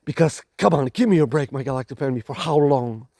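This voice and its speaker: A man's voice: medium pitch, quick pace, warm tone, dry recording, clean studio sound. A man with a non-native accent, giving a dramatic, preachy spiritual monologue to camera, with emphatic repetition and restarts. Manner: dramatic, preachy, repeats "my galactic family". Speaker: spiritual channel host.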